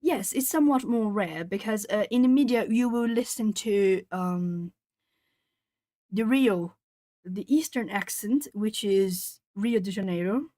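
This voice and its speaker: A woman's voice: mid-range voice, a little slow, warm tone, low-quality recording. A woman chatting casually on her art livestream, reading out and answering viewer comments as she colours. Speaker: art streamer. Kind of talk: casual live-stream chat. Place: home art desk.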